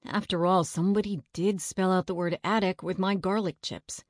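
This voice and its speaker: A woman's voice: fairly low pitch, steady tone, normal speed, no room sound, clean studio sound, close to an everyday voice. A woman reading aloud, voicing a confident, good-natured boy in a near-natural voice. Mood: plain.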